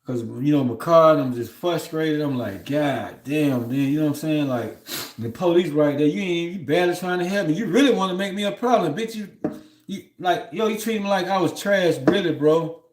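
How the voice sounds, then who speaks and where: In an echoey room, a man hosting a livestream speaks a little fast with a slightly high voice. His long story wanders loosely and often turns heated and aggrieved, punctuated by "you know what I'm saying."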